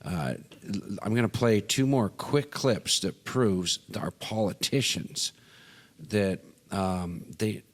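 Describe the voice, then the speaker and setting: A Canadian man with a fairly low voice talks through a casual discussion, agreeable and quick to affirm his co-host, often stumbling and restarting. The room adds a long, trailing reverb. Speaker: podcast co-host.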